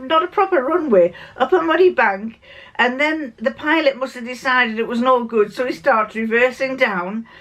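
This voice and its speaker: An older woman chatting to her viewers in a relaxed vlog. She tells long anecdotes in a rambling way and often restarts her sentences. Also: on the high side, poor audio. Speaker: vlogger.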